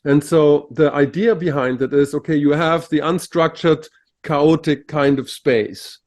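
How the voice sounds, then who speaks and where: A man's voice: fairly high pitch, steady tone, measured pace, a little mellow. A man co-hosting a podcast, explaining ideas in a searching way, full of fillers. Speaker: podcast co-host. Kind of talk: casual philosophical conversation.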